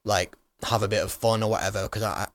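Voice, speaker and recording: A man's voice: on the low side, little pitch movement, fast talker, a bit bright. A young man co-hosting a casual podcast chat, rambling with lots of "like" and restarts. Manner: rambling, heavy use of "like". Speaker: podcast co-host.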